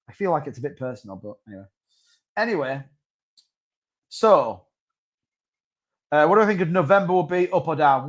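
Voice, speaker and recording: A man hosting a casual crypto live stream, rambling and reading out viewer comments. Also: fairly high pitch.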